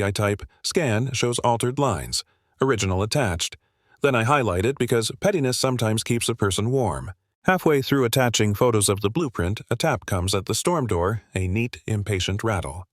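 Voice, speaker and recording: Low-voiced man narrating a story. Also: no room sound, clean studio sound. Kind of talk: scripted first-person story narration.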